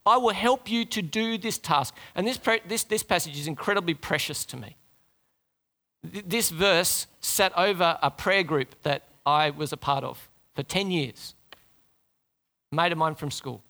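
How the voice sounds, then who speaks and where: Bright-voiced, high-pitched male preacher. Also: a little slow. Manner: conversational, animated, asks the congregation questions. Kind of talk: sermon.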